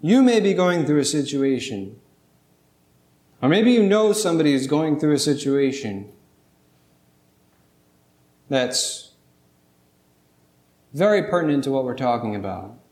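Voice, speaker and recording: A man's voice: a little high, expressive, unhurried, pauses often, darkish tone, roomy sound. A man preaching a sermon as pastor, earnest and emphatic, mixing stories with scripture.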